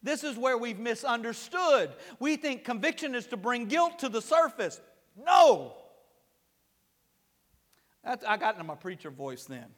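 A male pastor preaching a conversational sermon that swells to loud, emphatic peaks, in a church sanctuary. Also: very high voice, big pitch swings, moderate pace, hardly any pauses, long reverb tail.

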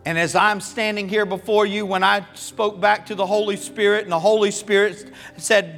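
A pastor from Florida and the American South preaching a sermon, telling stories in a folksy, humorous, animated way. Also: male voice, high-pitched, moderate pace, creaky, few pauses. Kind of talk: sermon with storytelling. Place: church sanctuary. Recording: long hall reverb with faint music.

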